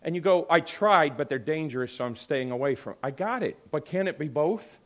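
A man pastor giving a conversational sermon, swinging between loud emphasis and quiet asides. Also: on the high side, expressive, a little fast.

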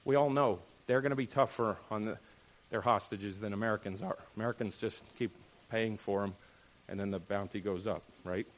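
Animated man preaching a sermon. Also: lowish voice, a little fast. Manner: animated, rhetorical questions, frequent "right?". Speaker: pastor.

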